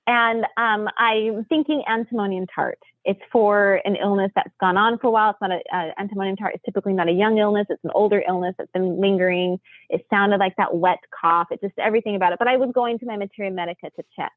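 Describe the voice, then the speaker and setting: A woman telling a family story in a chatty, animated way, laughing often. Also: medium pitch, quick pace, no room sound. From United States. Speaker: podcast guest, homeschooling mother. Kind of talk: casual storytelling. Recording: tinny phone-line sound, dry.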